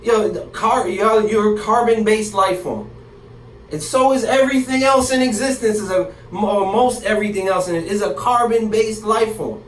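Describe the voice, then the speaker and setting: A man's voice: sits high, moderate pace. A man teaching from the Bible in a casual, slang-filled way, talking straight to his listeners and reading verses aloud. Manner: slangy, animated, talks to the audience directly. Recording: echoey room, distant mic, faint hiss.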